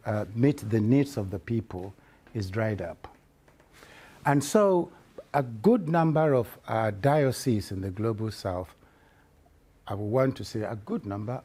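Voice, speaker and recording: Male church leader giving an earnest, unhurried report, with a warm, soft voice. He stumbles and restarts often. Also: medium pitch, husky. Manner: halting, with many repeated restarts. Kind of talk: spoken report to members.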